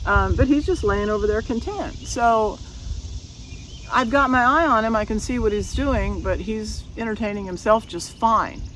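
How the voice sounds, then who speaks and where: A woman's voice: a little high, moderate pace, a bit bright, far from the mic, slight background noise, low-quality recording. A woman dog breeder talking casually to camera outdoors, firm and matter-of-fact, repeating her points for emphasis.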